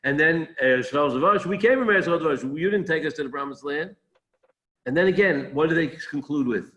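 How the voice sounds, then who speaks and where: Giving a Torah talk, a rabbi speaks a little fast in a fairly high voice, growing animated and rising sharply whenever he quotes mockery. He often restarts sentences and repeats words.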